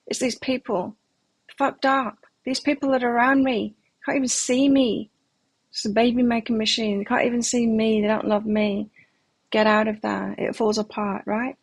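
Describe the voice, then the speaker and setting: A woman's voice: a little high, flat delivery, moderate pace, breathy edge, no room sound. A middle-aged woman giving a live tarot reading, talking candidly and reflectively and sharing personal stories. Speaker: tarot reader.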